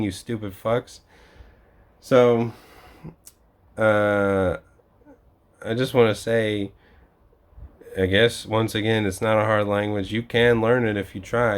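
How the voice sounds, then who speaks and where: A young man in a profane vlog rant, swearing constantly and laughing between complaints. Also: fairly low pitch. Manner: mimics other people in quoted voices. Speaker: vlogger. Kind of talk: profane ranting monologue.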